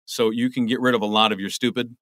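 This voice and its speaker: A middle-aged man chats casually as a voice actor guest, often restarting and repeating words. His voice sits at an ordinary pitch, recorded dry with no room sound. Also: steady tone, quick pace, a bit bright, dry recording. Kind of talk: casual interview chat.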